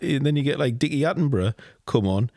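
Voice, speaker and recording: A man's voice: medium pitch, animated, quick pace, a little mellow, no echo, clean studio sound. A man from northeast England co-hosting a movie podcast, wry and nitpicky in casual chat. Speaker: podcast co-host.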